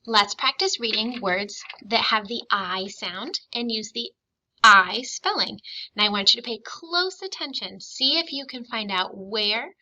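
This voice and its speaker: Woman, primary phonics teacher, fairly high voice, drawn-out words, asks questions and pauses for answers. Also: animated, pushed and bright, rough recording. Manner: slow and clear, stretching out sounds and syllables. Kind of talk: recorded phonics lesson for young children.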